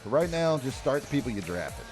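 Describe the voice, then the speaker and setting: A man's voice: mid-range voice, very animated, fairly quick, faint music behind. A man co-hosting a casual fantasy football podcast, laid-back and joking, often trailing off with ums. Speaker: podcast co-host. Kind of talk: casual chat.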